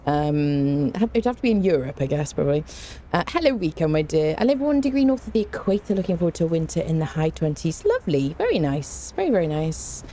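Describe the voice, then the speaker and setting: A woman's voice: sits low, big pitch swings, brisk, warm tone, faint music behind. A woman streamer greeting her chat in a rambling, playful way, with fun made-up words, from a home room with an open window. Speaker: game streamer. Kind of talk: casual livestream chat. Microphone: desk microphone. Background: fan blowing.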